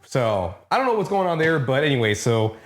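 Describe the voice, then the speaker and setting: Chill guy co-hosting a show review, mid pitch, kinda hedges as he talks. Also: a little fast, slight background noise. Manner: relaxed, chatty, with hedging asides. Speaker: podcast co-host. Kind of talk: casual review chat.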